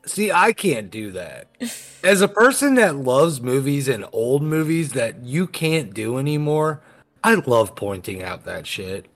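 A man's voice: mid-range voice, unhurried, faint music behind. A man co-hosting a casual podcast, joking his way through a movie and acting out the characters. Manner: animated, jokey, acts out characters. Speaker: podcast co-host. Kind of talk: casual movie-riffing chat.

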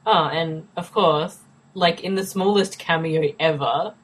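A woman's voice: sits low, unhurried, a little hiss or hum, low-quality recording. A woman co-hosting a podcast in casual chat, talking freely with lots of fillers and laughter. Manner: chatty, laughs often, many fillers. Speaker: podcast co-host.

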